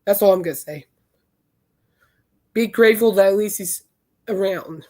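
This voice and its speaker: A woman podcast host, hoarse from singing, talking in a chatty, emphatic and indignant way. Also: medium pitch, moderate pace, mellow. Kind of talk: casual chat.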